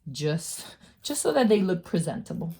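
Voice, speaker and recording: A woman talking through a casual nail-care tutorial, chatty and quick to laugh at herself. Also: on the low side, big pitch swings, gravelly, dark tone. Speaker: beauty vlogger.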